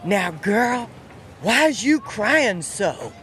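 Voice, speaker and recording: A woman putting on a grizzled old backwoods Southern man with a slow, folksy drawl, speaking outdoors on a street. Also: medium pitch, very animated, fairly bright tone, slight background noise, exaggerated voice. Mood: calm advice.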